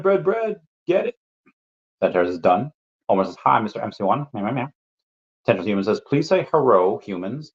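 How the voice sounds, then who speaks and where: A man hosting a casual livestream, reading viewer comments aloud and answering them with playful asides. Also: on the low side. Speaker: livestream host. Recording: dull lo-fi stream audio.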